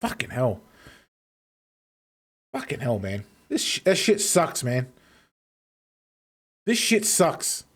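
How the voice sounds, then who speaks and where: A man's voice: medium pitch, big pitch swings, slow pace, pauses often. A man ranting casually on a live stream, swearing heavily and eating as he talks.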